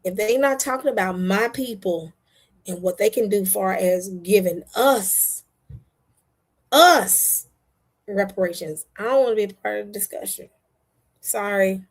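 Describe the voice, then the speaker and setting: A husky-voiced woman, talking straight to her viewers. She is blunt and impassioned and hammers her points home by repeating them, all in a loose, casual commentary style. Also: medium pitch, moderate pace, darkish tone. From United States. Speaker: online show host.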